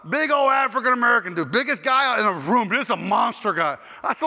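A man preaching in a bright, high, forceful voice, telling a sermon story with jokes and loudly acted-out quotes. His voice rings with long hall reverb. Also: fast, hardly any pauses. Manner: animated, joking storyteller who acts out quotes loudly.

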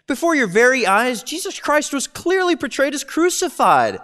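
A man preaching with a high, lively voice that leaps up and down as he talks. He keeps it conversational and animated, tossing in quick voiced asides as he goes. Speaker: pastor. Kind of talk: sermon.

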